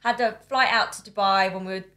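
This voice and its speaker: A woman in a casual podcast chat, talking in a lively way. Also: mid-range voice, fast, crowd noise. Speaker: podcast guest.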